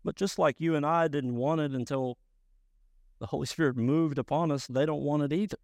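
A man preaching a sermon as pastor, emphatic and rising to loud bursts. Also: a little high, fairly even intonation, a little fast, gravelly, no echo, studio quality.

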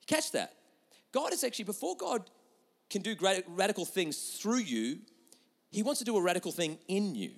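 A man preaching a sermon with lots of energy, moving between loud emphatic lines and quiet, intimate asides. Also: sits high, big pitch swings, moderate pace, gravelly. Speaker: pastor. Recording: long hall reverb.

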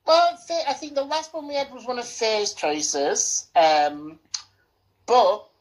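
A woman's voice: on the high side, slow, rough recording. A young woman co-hosting a casual film-review chat, boasting in playful, theatrical banter and swearing freely. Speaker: podcast co-host.

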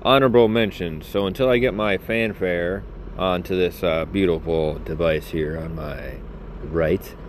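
Deep voiced guy joking around on his vlog outside, loose and rambly, bit of background noise. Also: fairly even intonation, unhurried. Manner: joking, rambling, self-mocking. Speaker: vlogger.

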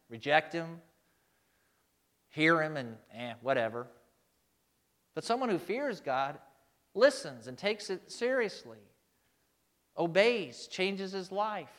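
A man's voice: high-pitched, fairly bright tone. A male pastor delivering a sermon with emphasis, putting rhetorical questions to his congregation.

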